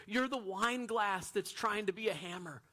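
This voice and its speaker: An earnest male pastor preaching with a slightly high voice. He pushes some lines out loud and emphatic, then drops to a near hush. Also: normal speed. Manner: earnest, swings from loud to hushed. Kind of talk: sermon.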